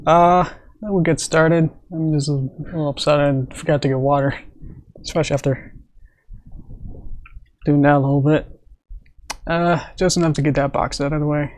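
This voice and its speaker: A man's voice: on the high side, steady tone, moderate pace, long pauses, a little hiss or hum. A man streaming live, chatting casually and rambling with lots of fillers and little laughs. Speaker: streamer and animator. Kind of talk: casual livestream chat.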